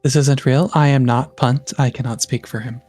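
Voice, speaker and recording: A man making a mock-formal joke announcement in a deadpan way. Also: medium pitch, normal speed, faint music behind.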